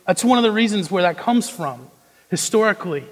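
A young man preaching a sermon, moving between hushed intensity and loud, emphatic delivery. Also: sits high, lively intonation, fairly quick. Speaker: pastor. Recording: long reverb of a large hall.

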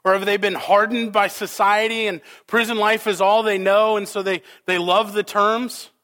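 A male pastor preaching a sermon, dramatic, with rhetorical questions and swings between loud and soft. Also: high voice, flat delivery, moderate pace.

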